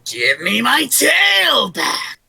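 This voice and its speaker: A man voicing a vengeful furry beast that slowly howls its demand from far off, for a tabletop game story. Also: very high-pitched, huge pitch swings, vocal fry, husky, voice pushed up, heavily acted. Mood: menacing howl. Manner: drawn-out shouted howl from afar.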